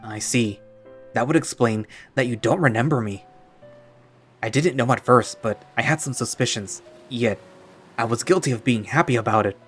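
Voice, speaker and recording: A man voicing a gentle, secretive male tiger who speaks softly and apologetically. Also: medium pitch, moderate pace, faint music behind, close to an everyday voice. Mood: apologetic. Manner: soft, apologetic, pleading.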